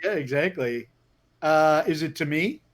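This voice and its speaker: An older man talks casually on a game stream, and his voice leaps up and down with animation. He laughs often and restarts his sentences. His pitch sits a touch high for a man. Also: expressive, a little slow, a crowd in the background. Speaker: writer and stream co-host. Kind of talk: casual chat while playing a text game.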